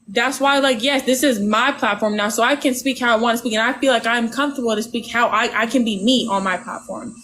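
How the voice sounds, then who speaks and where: A woman hosting a livestream, talking casually in a rambling, halting way with lots of fillers. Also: on the high side, a little hiss or hum, rough recording. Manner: says she talks with her hands, animated. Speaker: livestream host.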